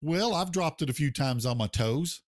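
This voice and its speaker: Fairly high-pitched and expressive, this man from the United States speaks at a normal speed in a clean studio recording with no echo. He's a barbecue pitmaster guesting on a podcast, chatting in a plainspoken, folksy manner and saying "sir."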